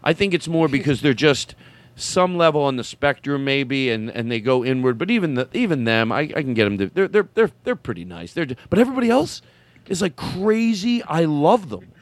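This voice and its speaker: Rambling, animated man hosting a podcast. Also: on the high side, a little fast, no echo. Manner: rambling, laughing, self-interrupting. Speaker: podcast host. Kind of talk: casual comedic chat.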